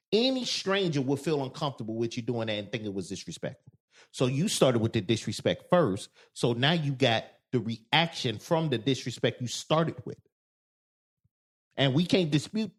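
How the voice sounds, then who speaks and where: A man co-hosting a podcast in casual chat, telling animated stories and loudly acting out quoted lines. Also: medium pitch, husky. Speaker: podcast co-host.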